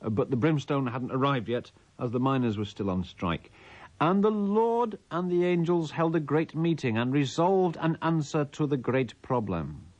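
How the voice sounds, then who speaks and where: A man's voice: medium pitch, expressive, moderate pace, a little mellow, dull audio. A man, a radio host reading a listener's letter aloud in a mock-solemn, theatrical way.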